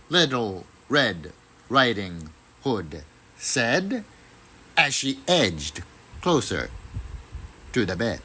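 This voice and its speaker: A man reads a classic fairy tale aloud with a deliberate, theatrical delivery. His pace is very slow and his pitch rises and falls dramatically. His tone is bright and forward. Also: very animated, slightly rough, poor audio. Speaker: storyteller. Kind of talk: dramatic storybook reading.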